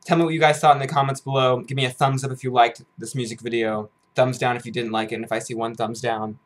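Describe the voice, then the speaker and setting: A young man from the United States reviews a music video for his channel, gushing and exclaiming over and over. His voice sits at an ordinary middle pitch, jumping to loud bursts and then dropping to hushed awe. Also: little pitch movement, fast. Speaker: YouTuber reacting to a music video. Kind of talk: excited reaction vlog. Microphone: headphones on, camera mic.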